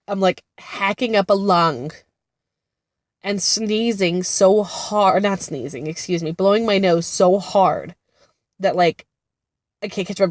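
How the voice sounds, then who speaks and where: A woman's voice: medium pitch, no room sound. A woman in her thirties who sounds congested from being sick, talking casually with lots of fillers and laughs as she rambles about her kids. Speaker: vlogger, mother of two. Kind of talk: casual chat. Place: sitting in a car-like space outside a therapy center.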